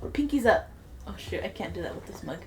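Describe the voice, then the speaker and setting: A woman's voice: mid-range voice, lively intonation, very fast, slight background noise. A woman co-hosting a podcast in casual chat, teasing and giggly. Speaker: podcast co-host.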